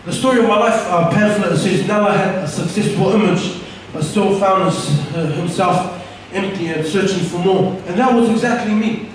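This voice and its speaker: Young man with a high, echoey voice. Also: moderate pace, a little hiss or hum. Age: young adult. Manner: earnest and candid, with frequent restarts. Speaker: speaker giving a personal testimony. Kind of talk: personal testimony told to an audience. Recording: echoey room, from far off the mic.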